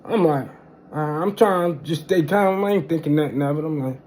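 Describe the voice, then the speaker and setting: A young man telling a casual storytime monologue, animated and slangy, punctuating with "boom" and "bang". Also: moderate pace, a little hiss or hum.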